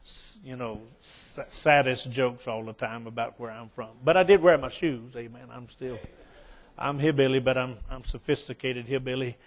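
A man's voice: mid-range voice, moderate pace. A man from West Virginia with an Appalachian accent, a guest preacher mixing jokes into a folksy sermon and rising to fervent appeals.

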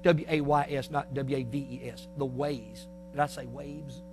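A man preaching a sermon with a Northern US accent, folksy and emphatic, swinging between loud and soft passages. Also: medium pitch, steady tone, normal speed, noisy background.

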